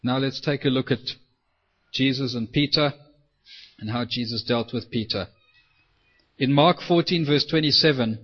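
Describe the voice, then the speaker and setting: Animated preacher man, lo-fi sound. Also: fairly high pitch. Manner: animated storytelling, acts out quoted voices. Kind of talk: sermon.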